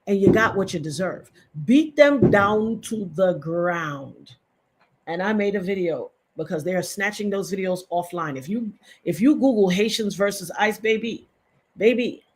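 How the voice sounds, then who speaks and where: A woman's voice: mid-range voice, animated, a little slow, darkish tone, slight background noise. A middle-aged woman giving impassioned, emphatic live-stream commentary to her chat, repeating points for stress.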